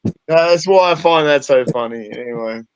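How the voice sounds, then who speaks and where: A loud, crude Australian man telling stories and laughing through a casual chat. His voice sits a little high. The recording is dry and close. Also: normal speed, clear, resonant tone, dry recording.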